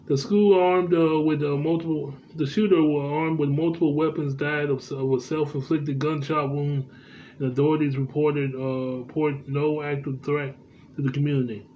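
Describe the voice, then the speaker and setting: Reading news reports aloud in a casual vlog, this man has a fairly high, mellow voice with little pitch movement. His delivery is halting and packed with "uh" fillers and restarts, recorded in dull lo-fi sound over faint background noise.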